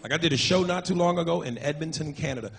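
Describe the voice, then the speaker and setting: A man doing a stand-up comedy set, brash and profane, telling animated stories on a club stage. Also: on the high side, fast talker, gravelly. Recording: live club with loud crowd and noise.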